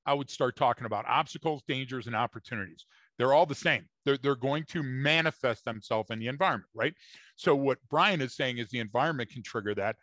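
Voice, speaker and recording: A man of ordinary pitch talks through his points on a podcast, emphatic and a little lecturing, often turning to the listeners. The recording is close and dry, with no room sound. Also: a bit bright, dry recording. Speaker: podcast co-host. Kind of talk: casual podcast discussion.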